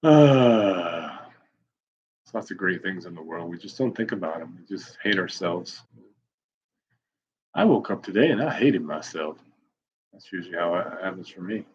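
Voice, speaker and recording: Brief: man, 40s, low husky voice, rambling live-stream reader, self-mocking humor, dull lo-fi audio. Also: expressive, normal speed, pauses often. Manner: wry, self-mocking, off-the-cuff. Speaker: blogger reading his posts on a live stream.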